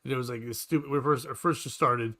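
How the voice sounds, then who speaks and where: A man, co-hosting a casual podcast chat, telling stories loudly and swearing freely. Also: mid-range voice, fast talker. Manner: loud, animated storyteller, swears freely, does voices. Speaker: podcast co-host.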